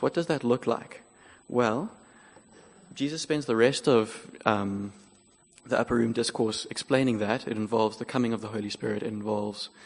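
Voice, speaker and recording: A man preaching a sermon, explaining scripture in a measured, earnest way. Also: lowish voice, husky. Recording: long hall reverb.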